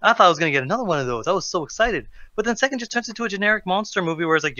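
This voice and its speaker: A young man co-hosting a casual podcast chat, talking rapid-fire with heavy swearing and acted-out quotes. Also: high-pitched, very animated, bright, forceful tone, no room sound. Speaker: co-host. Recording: dry, slightly dull mic.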